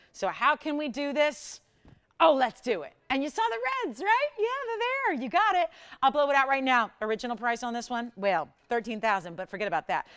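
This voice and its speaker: A woman hosting a live shopping channel, chatty and animated as she pitches jewelry and prices. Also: clean tone. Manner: animated, chatty, sells with rapid price talk. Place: television studio.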